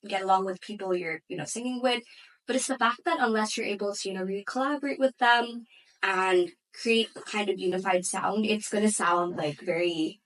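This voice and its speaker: A woman's voice: medium pitch, fairly bright tone, distant mic, poor audio. A young woman, an opera singer and student, answering interview questions in a thoughtful way full of "like" and "you know". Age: young adult.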